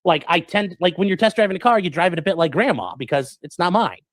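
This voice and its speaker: A man streaming, telling a story to his chat in a rambling, animated way, full of fillers and acted-out quotes. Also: high-pitched, fast talker, dry recording. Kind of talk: casual storytelling to a live chat.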